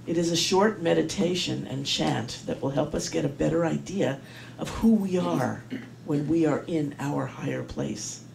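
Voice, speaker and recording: Slow, gravelly woman minister guiding meditation. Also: sits low, a little mellow, echoey room, recorded from a distance, slight background noise, rough recording. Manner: slow, soothing, repeats mantras in a chanted call. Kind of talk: guided meditation and chant. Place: spiritual center sanctuary.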